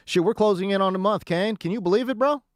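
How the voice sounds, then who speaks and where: A man hosting a sports radio show, hyped and jokey, swinging between loud bursts and calm stat talk. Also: high-pitched, quick pace, no echo, studio quality.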